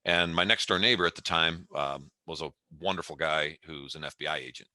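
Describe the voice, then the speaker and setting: With a rumbling low voice and a fairly quick pace, a fifties-aged CEO tells a story as a guest in an interview. He's an animated storyteller who acts out the scene while speaking. There's no echo.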